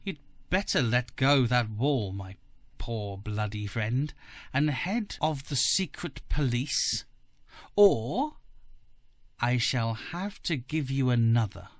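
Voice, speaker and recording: Man doing a mad villain, taunting, slow and deliberate, sudden high leaps, dry close sound, storybook reading. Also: expressive, no room sound. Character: genial, menacing madman villain, male.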